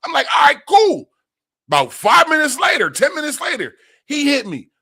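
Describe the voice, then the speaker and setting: Slangy, animated man telling a story. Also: brisk, no echo, clean studio sound. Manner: slangy, animated, rises high when excited. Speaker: livestream host. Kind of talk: casual storytelling on a livestream.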